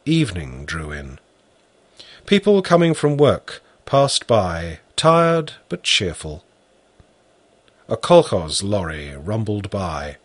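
A man reading a story aloud in a husky voice. His pitch swings widely as he tells it, and he takes his time over every phrase. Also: no echo. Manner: slow, animated storytelling. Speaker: narrator. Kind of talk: scripted story narration.

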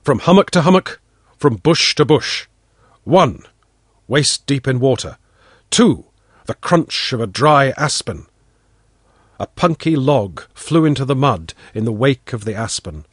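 A man narrating a first-person story in an expressive storytelling manner. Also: mid-range voice, unhurried, slightly rough, no room sound, studio quality. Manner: expressive storytelling, voices the characters.

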